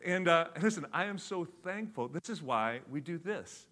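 A middle-aged man preaching a sermon, telling stories with lively acted-out voices that swing from loud to hushed. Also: fairly high pitch, moderate pace. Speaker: pastor.

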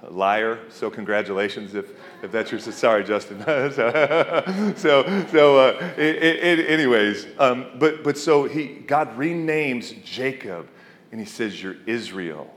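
A man's voice: mid-range voice, fairly bright tone. A male pastor preaching a conversational sermon, often asking his congregation questions. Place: church hall. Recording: reverberant hall.

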